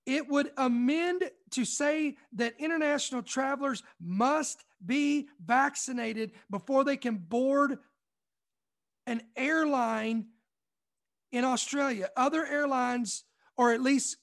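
A young man from Kentucky reading out news items and commenting on them emphatically, often repeating points slowly for effect. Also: very high-pitched, creaky, fairly bright tone. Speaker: online commentary host.

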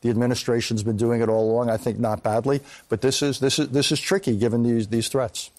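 An older man, a veteran diplomat, answering questions in a live news interview in a measured, analytical way. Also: mid-range voice, little pitch movement, a little mellow. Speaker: foreign policy analyst guest.

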